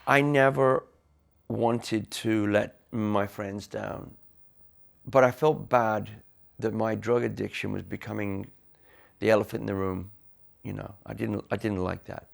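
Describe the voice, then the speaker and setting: Guy in a documentary interview, low and gravelly, talks frank and keeps restarting. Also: fairly even intonation. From Cannock, England. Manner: candid, halting with restarts. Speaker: interviewee, musician.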